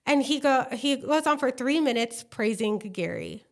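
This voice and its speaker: A woman co-hosting a podcast, telling a story in a lively, gushing way with lots of fillers and acted-out quotes. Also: high-pitched, moderate pace. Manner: animated, gushing storyteller who acts out quotes. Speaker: podcast co-host. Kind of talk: casual chat.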